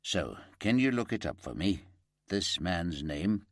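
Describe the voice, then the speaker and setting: A man voicing an earnest male detective sergeant who speaks in a measured, polite way. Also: low voice, sing-song, no echo, studio quality, exaggerated voice. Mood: businesslike. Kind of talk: audiobook character voice.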